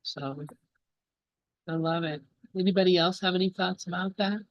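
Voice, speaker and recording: A woman's voice: fairly low pitch, fairly even intonation, moderate pace, no room sound. Encouraging woman host on dull lo-fi audio. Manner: encouraging, inviting others to speak. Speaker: group facilitator. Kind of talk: hosting a discussion.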